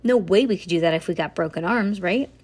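A woman's voice: lowish voice, fairly quick, a little mellow, husky. Woman reading determined schoolgirl, matter-of-fact, storybook. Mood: scheming. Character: scheming determined young schoolgirl.

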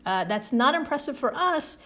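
A woman's voice: sits high, expressive, moderate pace, a bit bright. A woman on a casual podcast, playfully explaining a problem step by step with jokes. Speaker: podcast co-host explaining science.

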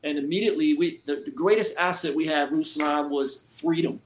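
A middle-aged man from Philadelphia, a senior pastor and guest, telling his story in a relaxed, colloquial way. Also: fairly high pitch, fairly quick, a little hiss or hum. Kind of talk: casual conversational storytelling. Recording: roomy echoey sound.

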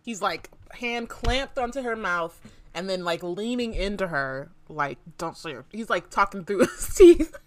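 A woman's voice: medium pitch, lively intonation, a little slow. A woman co-hosting a podcast, casually recapping and discussing a novel's chapters with frequent fillers and laughter. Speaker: podcast co-host.

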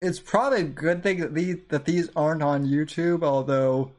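A man's voice: a little high, normal speed, darkish tone. A man hosting a podcast, casually looking back on his old shows with rambling, self-deprecating asides and frequent restarts. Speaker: podcast host. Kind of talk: casual reflective commentary.

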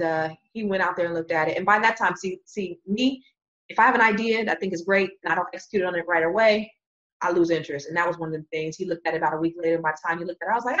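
A woman telling a long story in casual chat, animated, acting out quoted voices and laughing often. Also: fairly low pitch, lo-fi sound. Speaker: real estate business owner.

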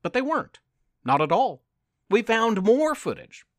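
A man tells a story and reads poems with a high, lively voice that rises and falls a lot. He takes his time over each line, gentle and encouraging. The sound is close and dry. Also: a little slow, no room sound. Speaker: podcast host and storyteller. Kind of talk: scripted storytelling narration.

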